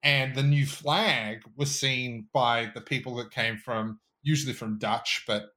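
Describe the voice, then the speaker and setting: A man's voice: medium pitch, steady tone, a little slow, bright, forceful tone. A man co-hosting a casual podcast, ranting in a fired-up way and swearing freely. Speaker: podcast co-host.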